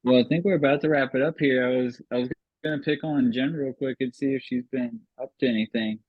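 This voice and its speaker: A man's voice: mid-range voice, steady tone, fairly quick, no echo, phone-quality sound. A man hosting a podcast, chatting casually and jokingly on a group call, with plenty of filler words. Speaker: podcast host.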